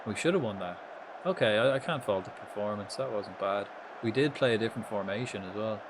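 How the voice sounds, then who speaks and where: A man giving casual, swear-laden commentary while playing a football management game live, reacting loudly to the match. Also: on the low side, fairly quick, background noise. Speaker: streamer.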